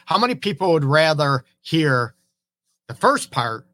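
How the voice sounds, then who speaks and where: A middle-aged man, a relationship counselor, hosting an advice talk while hoarse from a cold, earnestly checking in with his listeners. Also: on the high side, sing-song, unhurried, pushed and bright, dry recording. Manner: earnest, keeps asking "right?" and "okay?". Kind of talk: live-streamed advice talk.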